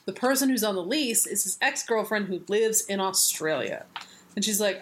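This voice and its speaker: A woman co-hosting a casual comic book podcast, animated and argumentative, swearing freely as she recaps a story. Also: medium pitch, normal speed, slight background noise. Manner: animated, swears freely, argues her point. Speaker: podcast co-host.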